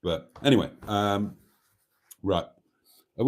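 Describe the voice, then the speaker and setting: A man's voice: on the low side, expressive, unhurried, mellow. A man hosting a live stream, chatting casually and rambling as he reads viewer comments aloud, with mild swearing. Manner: rambling, chatty, self-deprecating, swears mildly.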